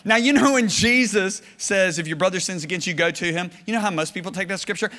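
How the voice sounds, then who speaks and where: A man preaching a sermon, telling stories and swinging from low, hushed lines to loud shouted bursts. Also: fast, hardly any pauses, in a large hall.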